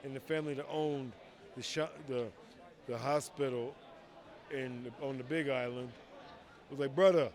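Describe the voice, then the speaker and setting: A man telling stories in a casual interview, acting out quoted dialogue with lively voices and frequent swearing. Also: medium pitch, unhurried, pauses often. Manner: animated, acts out quoted dialogue, swears freely. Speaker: retired fighter telling stories. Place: outdoors at a convention.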